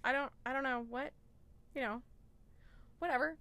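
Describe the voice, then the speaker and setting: A woman's voice: high-pitched, fairly even intonation, moderate pace, pushed and bright, no room sound. A woman guest on a podcast, chatting casually in a rambling, self-deprecating way. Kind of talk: casual chat.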